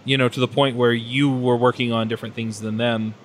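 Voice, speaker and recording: A man's voice: medium pitch, level tone, a little fast, a little hiss or hum. Thoughtful man on a tech podcast. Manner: thoughtful, hesitant with fillers. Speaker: podcast panelist. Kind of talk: casual technical discussion.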